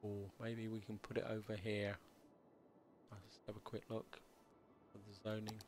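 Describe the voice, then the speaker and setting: A man hosting a city-building let's play, talking casually as he plays, with a slightly croaky voice and a halting, stammering way of speaking. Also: fairly low pitch, completely flat delivery, a little hiss or hum. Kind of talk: casual gameplay commentary.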